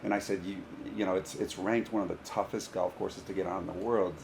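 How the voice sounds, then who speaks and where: A man, a high school golf coach, telling stories in a casual podcast chat and often laughing through them. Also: a little fast, creaky, background noise. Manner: animated, laughs through his own stories.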